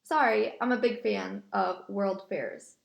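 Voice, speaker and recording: Brief: woman reader as gushing trivia-loving girl, slight fry. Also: medium pitch, slow pace, muffled recording. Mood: eager. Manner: eager, gushing. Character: bookish girl teammate, enthusiastic. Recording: echoey room.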